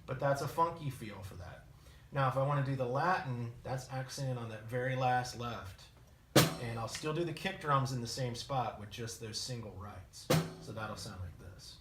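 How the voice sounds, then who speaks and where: Male drum teacher, easygoing and explanatory, mid-pitched, heard from across an echoey studio with loud drums. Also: normal speed, over loud music. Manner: relaxed, explanatory, counts out stickings aloud. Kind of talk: casual drum lesson. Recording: roomy studio sound from a distance with loud drumming.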